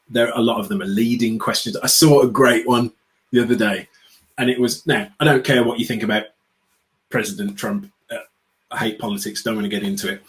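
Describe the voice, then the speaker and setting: British guy ranting in an interview, sarcastic, animated, mid pitch. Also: poor audio. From United Kingdom. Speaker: guest, customer experience speaker. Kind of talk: casual interview chat.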